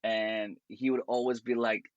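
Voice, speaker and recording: A man's voice: mid-range voice, level tone, unhurried, no room sound, highs cut off. A man who is a comedian, telling stories in a laid-back, slangy way and laughing often in a casual podcast chat. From Canada. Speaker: comedian guest.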